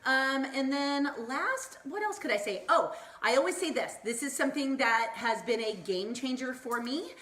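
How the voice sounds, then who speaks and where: A woman's voice: sits high, expressive, moderate pace, few pauses, fairly bright tone. Bubbly motivational woman in an echoey room. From Southern California. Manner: bubbly, tangent-prone, acts out quoted voices. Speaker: wellness vlogger. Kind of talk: upbeat motivational Facebook Live chat. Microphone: phone or laptop mic, live stream.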